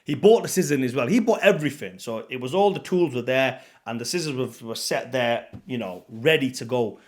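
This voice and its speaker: A man's voice: medium pitch, brisk. Blunt man telling a wild story. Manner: animated, blunt, swears freely, acts out moments. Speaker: vlogger. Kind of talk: casual storytelling to camera.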